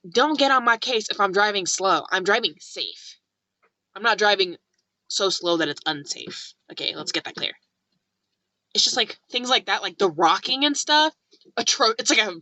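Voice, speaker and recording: A young Californian woman tells a story in a casual vlog, speaking at a moderate pace in a medium-pitched voice with no room sound. She's chatty, says "like" constantly, and animatedly acts out what people said.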